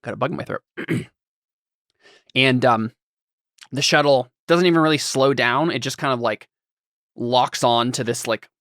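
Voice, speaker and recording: A man's voice: mid-range voice, unhurried, long pauses, fairly bright tone, dry recording, studio quality. A man narrating as game master for a tabletop game, rambling and searching for words as he describes the scene.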